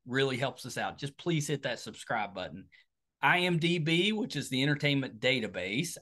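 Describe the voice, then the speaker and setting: Bright-voiced West Virginian podcast host. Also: male voice, medium pitch. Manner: rambling, with many fillers and restarts. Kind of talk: casual podcast outro and promo.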